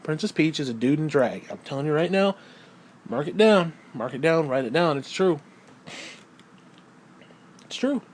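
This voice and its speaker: Male ranter, slightly raised pitch, crude and heated, hammers points through repetition. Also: expressive, brisk. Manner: crude, heated, swears constantly; repeats phrases for emphasis. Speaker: video creator. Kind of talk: profane ranting monologue.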